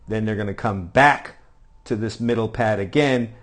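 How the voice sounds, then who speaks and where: A man's voice: on the low side, normal speed, fairly bright tone. A man coaching defensive backs, talking over video of a drill and repeating short cues with frequent "all right?" checks. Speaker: football coach.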